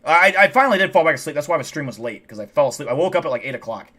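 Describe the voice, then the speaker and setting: A man's voice: a little high, lively intonation, very fast, bright, forceful tone. Tired, drunk man rambling on stream. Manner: rambling and profane, with frequent restarts. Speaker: livestream host. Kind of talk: casual rambling livestream chat.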